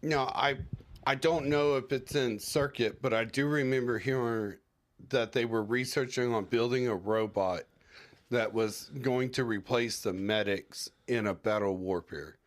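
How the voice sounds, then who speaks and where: Man, mid-pitch, easygoing podcast co-host, rambling and joking. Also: unhurried. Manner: joking, rambling, acts out quoted lines. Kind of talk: casual chat.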